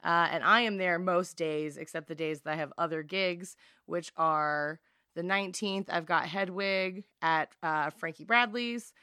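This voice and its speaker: A tired woman co-hosting a podcast, chatting casually and laughing often, her voice lower than usual. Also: measured pace, sharp tone, clean tone, dry recording, studio quality. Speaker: podcast co-host and stage actor. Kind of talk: casual chat.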